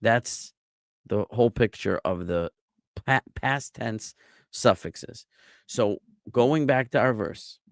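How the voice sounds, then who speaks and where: Slow, patient male Hebrew teacher. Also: on the low side, no echo, clean studio sound. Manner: patient, quizzes students with questions; drills word forms by repetition. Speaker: rabbi teaching Biblical Hebrew. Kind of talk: classroom grammar lesson.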